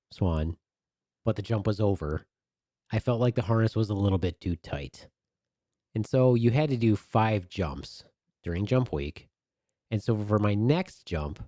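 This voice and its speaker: Male podcast co-host, animated storyteller, crude humor, deep-ish and warm. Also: no room sound, studio quality. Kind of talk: casual storytelling.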